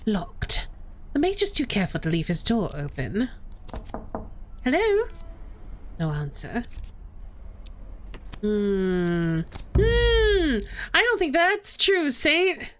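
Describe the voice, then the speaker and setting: A woman's voice: high voice, huge pitch swings, drawn-out words, pauses often, a bit bright, a little hiss or hum. A young woman streamer, chatty, reading game text aloud and talking to viewers. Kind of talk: casual game playthrough narration.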